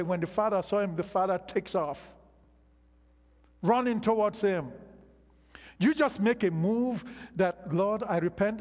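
An older man preaching a sermon, slow and emphatic, with long pauses between phrases. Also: sits high. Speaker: pastor. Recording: long reverb of a large hall.

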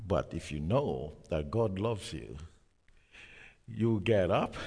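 A man preaching a sermon, slow and emphatic, with dramatic pauses, rising to a strong voice and dropping to a near-whisper. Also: sits low, animated, vocal fry, mellow, husky. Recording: long hall reverb.

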